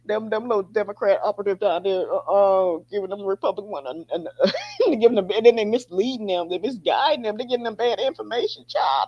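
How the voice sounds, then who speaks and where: A woman's voice: medium pitch, sing-song, fast talker, a little mellow, breathy edge. A woman hosting a podcast, talking in a casual, profane way and laughing often. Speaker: podcast host. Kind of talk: casual commentary. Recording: dull lo-fi sound.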